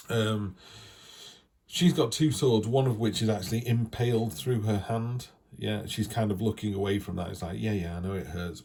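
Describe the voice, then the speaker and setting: A man's voice: sits low, warm tone. A man giving a casual, chatty tarot reading, talking things through with reassuring asides. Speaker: tarot reader.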